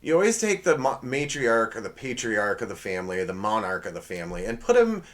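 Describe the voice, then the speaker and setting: Animated sarcastic male podcast host. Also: fairly low pitch, fairly quick. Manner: sarcastic, rambling, self-correcting asides. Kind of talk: casual comedic monologue.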